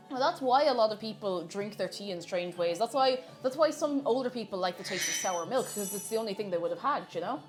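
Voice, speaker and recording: A woman chatting casually while baking live in her kitchen, laughing often and reading out chat messages. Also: fairly high pitch.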